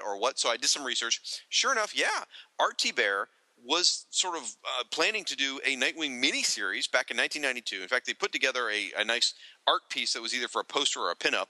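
Chatty man with a bright, lively voice. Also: medium pitch, quick pace, no echo, rough recording. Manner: chatty, laughs often, trails off and restarts. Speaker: podcast co-host reading listener comments. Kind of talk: casual podcast chat.

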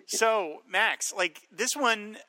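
A man co-hosting a podcast who recaps a TV episode and chats about it in a lively way, now and then mimicking lines from the show. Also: sits high, drawn-out words, no room sound. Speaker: podcast co-host. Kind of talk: episode recap and casual chat.

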